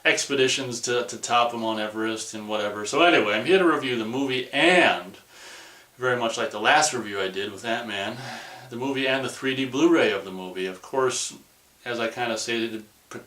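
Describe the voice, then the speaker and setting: A man's voice: medium pitch, fairly quick, sharp tone, echoey room, far from the mic. A man giving a casual, rambling movie review, dismissive in tone, full of restarts and fillers.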